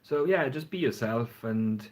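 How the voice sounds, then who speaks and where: A man's voice: medium pitch, lively intonation, a little slow. A man chatting casually and frankly on a phone livestream, rambling and swearing now and then. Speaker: fragrance reviewer. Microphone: phone front camera.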